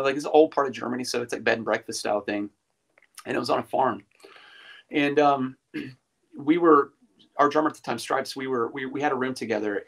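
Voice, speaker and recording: A man guest on a podcast, casually telling a rambling ghost story with many fillers and restarts. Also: medium pitch.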